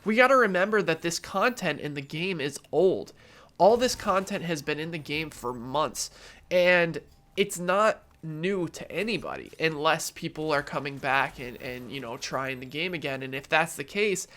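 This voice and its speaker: This gaming vlogger, a young man, sounds animated and fairly bright, with a fairly high pitch and a normal speed, though allergies leave him nasal and stuffed up. He gives his opinions earnestly and casually, with fillers.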